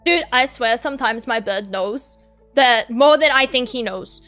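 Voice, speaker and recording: A young woman streamer chatting casually, rambling through profane, excitable stories. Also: a little high, unhurried, soft background music. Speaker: VTuber streamer.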